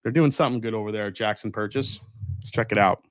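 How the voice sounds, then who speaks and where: Casual male livestream host, relaxed and chatty, dry close mic. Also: lowish voice, fast, no room sound. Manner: relaxed, chatty, many fillers and restarts. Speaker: livestream host tasting whiskey. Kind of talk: casual live chat reading viewer comments.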